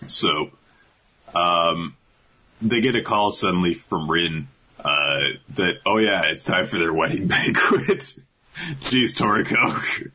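A man's voice: sits low, slow, pushed and bright, breathy edge, rough recording. A man casually recapping an anime episode with a co-host, joking, swearing and laughing often. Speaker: podcast co-host. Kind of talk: casual comedic recap chat.

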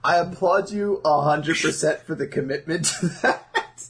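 A man's voice: a little high, moderate pace, a bit bright, a little hiss or hum. A man co-hosting a podcast in casual chat, laughing often and swearing now and then. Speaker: podcast co-host.

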